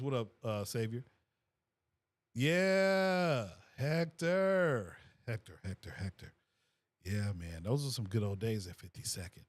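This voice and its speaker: A middle-aged man, a fifth grade teacher, hosting a casual livestream and reading viewers' comments aloud in a relaxed way, repeating phrases and laughing often. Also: medium pitch. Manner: laid-back, repeats himself, frequent laughs.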